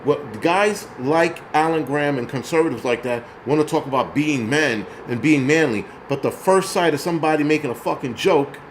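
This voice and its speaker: A man's voice: on the high side, moderate pace, hardly any pauses, slight background noise. A man of Puerto Rican origin hosting his own show, ranting in a heated, profane, mocking way. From Puerto Rico. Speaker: host. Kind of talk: angry ranting commentary.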